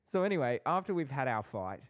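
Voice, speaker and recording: His voice lowish and a little mellow, a young man from Australia co-hosts a laid-back podcast alongside his brother, the two of them bantering playfully and a bit sarcastically.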